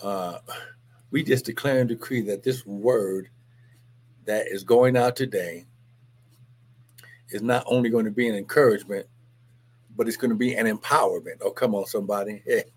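A man's voice: fairly low pitch, moderate pace, pauses often, slightly rough. A man preaching and praying on a live stream, fervent, with many exclamations and calls to agree. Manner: fervent, call-and-response exclamations. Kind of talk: live-streamed sermon and prayer.

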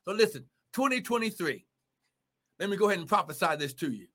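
Fervent high-voiced male preacher. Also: animated, fast talker, fairly bright tone. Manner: fervent, exclaiming, repeating phrases. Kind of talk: livestreamed sermon.

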